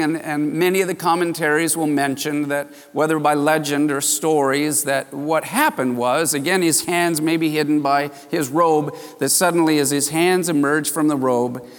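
Man, pastor, sermon, animated storytelling, fairly high voice, reverberant hall. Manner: animated storytelling, acting out the disciples with sudden high exclamations.

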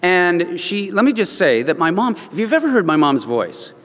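A man's voice: high-pitched, sing-song, moderate pace, a bit bright, big-room sound. A man preaching a sermon, telling stories and acting out the voices of the people in them. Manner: storytelling, acts out voices in quotes. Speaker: pastor.

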